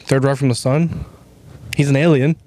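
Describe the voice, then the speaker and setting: A man's voice: mid-range voice, steady tone, moderate pace, warm tone, a little hiss or hum. A young man chatting casually about movies, laid-back and swearing freely.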